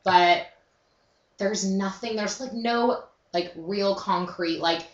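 A woman's voice: medium pitch, slow. A woman co-hosting a podcast in casual, upbeat chat, saying "like" a lot. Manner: chatty, upbeat, heavy use of "like". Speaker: podcast co-host. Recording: distant, roomy, dull mic sound.

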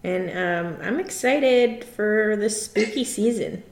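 A woman's voice: medium pitch, slow, a little mellow. Chatty woman podcaster in an echoey room. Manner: chatty, laughs often, many fillers. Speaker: podcast co-host. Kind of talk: casual recap chat.

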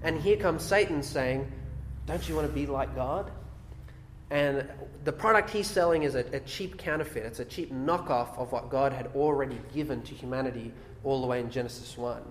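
A man's voice: medium pitch, a little fast, few pauses, a little hiss or hum. A man preaching a sermon, reading scripture verses aloud and explaining them with rhetorical questions. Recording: echoey hall with long reverb.

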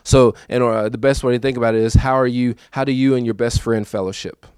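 A man's voice: mid-range voice, fairly even intonation, fast, clear, resonant tone, no room sound. Man preaching a heartfelt testimony, dry sound. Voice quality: conversational, emotional, repeats himself. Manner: swings from quiet recollection to raised emphatic preaching. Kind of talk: testimony sermon.

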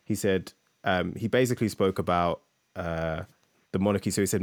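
A man's voice: deep voice, steady tone, fairly quick, dry recording, clean studio sound. A man co-hosting a podcast, reading an essay aloud with chatty asides and fillers. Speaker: podcast co-host.

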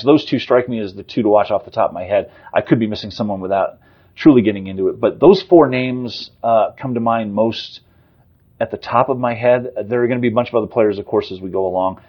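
A man's voice: on the low side, animated, highs cut off. A man in his fifties, a sportswriter guest, talking off the cuff with lots of fillers and restarts in a casual sports interview. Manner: rapid off-the-cuff talk with frequent fillers and restarts.

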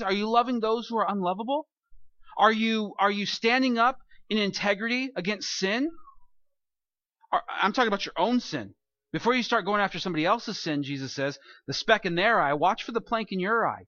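A male pastor delivers a sermon in a high, bright voice. He is animated, firing off rhetorical questions and briefly acting out the people he quotes. The sound is dull and dry. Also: dry recording.

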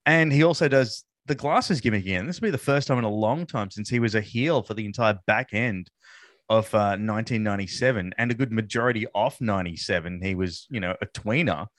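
A man's voice: lowish voice, fairly quick, a bit bright, no echo, studio quality. A man co-hosting a casual podcast chat, rambling with many fillers and laughing easily. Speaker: podcast co-host. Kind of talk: casual chat reviewing wrestling.

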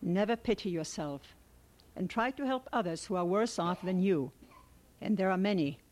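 A woman voicing a middle-aged male army doctor who speaks in a warm, fatherly way to a wounded private. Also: mid-range voice, normal speed, close to an everyday voice. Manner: warm, paternal.

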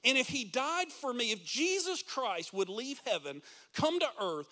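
High, bright-voiced preaching man. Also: very animated, a little slow. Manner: impassioned preaching with rhetorical questions to the congregation. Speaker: pastor. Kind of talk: sermon. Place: church sanctuary.

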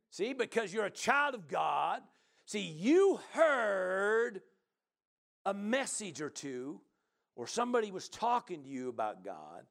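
A man preaching with a high, lively voice that swings widely in pitch. He talks back and forth with the congregation, and his delivery climbs to shouted, exclaiming peaks. His preaching is full of "amen" and "hallelujah.". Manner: chats with the congregation and asks members questions. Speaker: pastor. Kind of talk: sermon.

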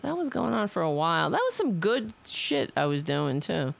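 A woman's voice: fairly low pitch, big pitch swings, normal speed, vocal fry. A woman hosting a casual livestream, rambling, swearing and scolding herself. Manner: profane, self-scolding, rambling. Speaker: livestream host.

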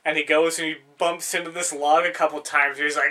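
A man's voice: a little high, flat delivery, fairly quick, pushed and bright. A man in casual chat, rambling through stories, swearing freely and laughing often.

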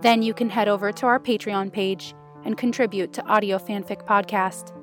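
Soft-spoken woman reading fan fiction. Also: mid-range voice, fairly even intonation, moderate pace, faint music behind. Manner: soft, intimate storytelling. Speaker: podcast narrator.

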